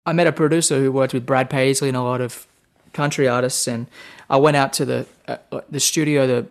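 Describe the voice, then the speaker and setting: A man's voice: mid-range voice, brisk, creaky. A man in his thirties with an Australian accent, a guest musician telling casual, rambling stories with many restarts. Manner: rambling, repeats words, animated anecdotes. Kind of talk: casual storytelling interview.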